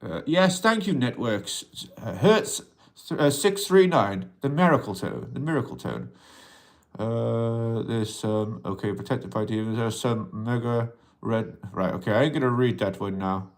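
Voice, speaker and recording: A man's voice: medium pitch, measured pace. A man hosting a casual livestream about mental health, rambling as he reads out and answers viewers' comments and talks to them as an alien persona addressing humans, in an accent viewers ask about. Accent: unplaced accent that viewers ask about. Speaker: livestream host.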